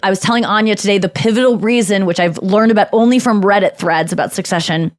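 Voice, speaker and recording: A woman in her thirties hosting a podcast, talking in a rambling, animated way full of fillers and restarts. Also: mid-range voice, fast talker. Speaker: podcast host. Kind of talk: casual chat.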